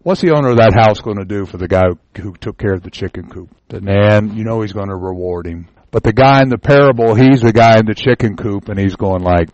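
A man's voice: on the low side, brisk, hardly any pauses, darkish tone, dry recording, dull audio. A man teaching an informal Bible lesson, telling the parable as a folksy, homespun story and often repeating words as he goes.

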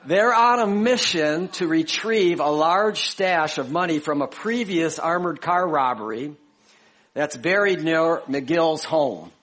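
A man's voice: on the high side, takes it slowly, fairly bright tone. A pastor from Chicago preaching a sermon, explaining a passage to his congregation in a conversational way.

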